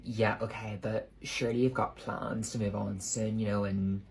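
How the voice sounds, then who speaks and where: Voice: medium pitch, little pitch movement, normal speed, gravelly, darkish tone, a little hiss or hum, lightly acted. A speaker with a British accent playing a condescending adult who pushes a barista about his career in a comedy skit. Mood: patronizing. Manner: patronizing, pushy questions.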